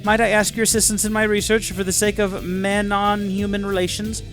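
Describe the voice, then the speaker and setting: A man doing a curious alien researcher who talks in stiff, overly formal phrases and keeps tacking on questions. The voice sits high and light. Faint music plays underneath. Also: flat delivery, a little fast, fairly bright tone. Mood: prim, inquisitive.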